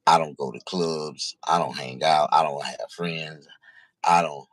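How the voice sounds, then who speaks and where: Deep-voiced man ranting profanely. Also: fairly even intonation, measured pace, no room sound. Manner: profane, rambling, confessional. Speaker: vlogger. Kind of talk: casual ranting monologue.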